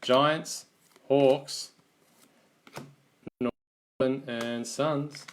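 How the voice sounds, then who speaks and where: An Australian man runs a live card break, naming each team and player as the cards come out. He talks at a slow, easy pace with a mid-range voice, relaxed and chatty with his viewers. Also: medium pitch, a little hiss or hum. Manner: unhurried, relaxed running commentary, calling out teams one by one. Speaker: card box break host.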